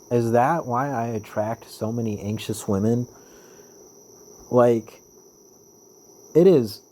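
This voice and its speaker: A man's voice: on the low side, slight background noise. Rambling, profane young man vlogging. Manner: rambling, profane, with many fillers and restarts; animated when retelling stories. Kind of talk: casual monologue.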